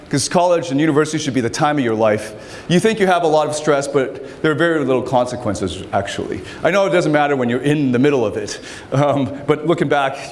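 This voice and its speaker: A middle-aged man with a rather high voice gives a lively keynote to students in a university hall. He talks casually and swears freely. His voice dips to low asides, then jumps up into loud, excited exclamations. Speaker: keynote speaker. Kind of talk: energetic university keynote talk.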